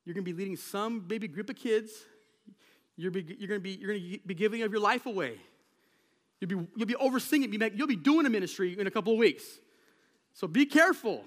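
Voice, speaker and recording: High-voiced preacher in a reverberant hall. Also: male voice, animated, fast, a bit bright. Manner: conversational, storytelling preaching. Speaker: pastor. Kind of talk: sermon. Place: church sanctuary. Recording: long reverb of a large hall.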